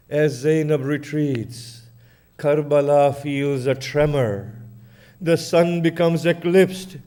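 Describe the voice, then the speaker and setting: A man's voice: mid-range voice, slow, warm tone. A man preacher narrating a mournful sermon in a dramatic, grieving manner.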